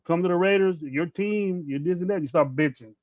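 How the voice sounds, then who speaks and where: Ranting bluntly on a casual livestream, a fiftysomething man hosting a sports podcast swears plenty and keeps restarting as he rambles. His high voice runs slightly fast through a dull, dry lo-fi mic with no echo.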